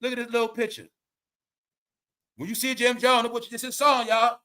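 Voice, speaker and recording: A man rants through his online commentary show, high-pitched and bright. He mocks and scolds his audience in heavy slang, swearing as he goes. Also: level tone, brisk, long pauses. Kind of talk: ranting commentary vlog.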